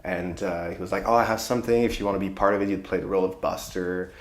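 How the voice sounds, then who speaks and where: A man from French Canada with a strong Quebec French accent, speaking haltingly in an interview as a performer. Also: low voice, flat delivery, roomy sound, noisy background. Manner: halting, restarts phrases often.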